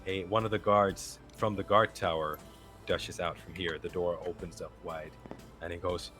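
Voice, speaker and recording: A man narrating a tabletop game as game master, relaxed, laughing often. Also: low-pitched, normal speed, faint music behind.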